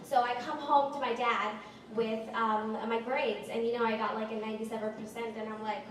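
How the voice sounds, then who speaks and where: A teenage girl rambling through a stand-up story at an open mic, her voice on the high side. She is heard from far off, with heavy echo filling the room. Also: little pitch movement, normal speed, slight background noise. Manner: rambling, many likes and ums. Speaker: stand-up performer.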